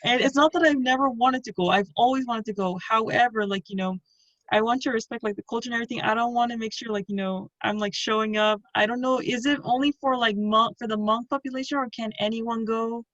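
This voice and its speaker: A woman's voice: a little high, steady tone, quick pace, a bit bright, dry recording. A woman in an online workshop asking questions hesitantly, with many fillers. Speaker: workshop participant. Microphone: video call. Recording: dull lo-fi video call audio.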